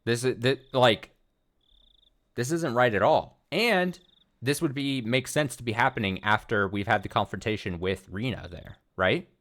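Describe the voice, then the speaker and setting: A man reads out a visual novel during a let's play, breaking off between lines for excited, paranoid rambling. His voice sits at medium pitch and moves at a moderate pace.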